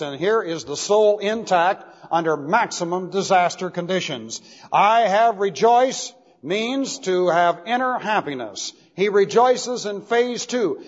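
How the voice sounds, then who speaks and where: A male preacher teaches verse by verse, leaning hard on the words he wants to land. His voice sits a little high for a man. The recording is dull and muffled, with a long reverb trailing through a large hall. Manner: emphatic, drawn-out stress on key words. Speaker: pastor. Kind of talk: expository Bible sermon.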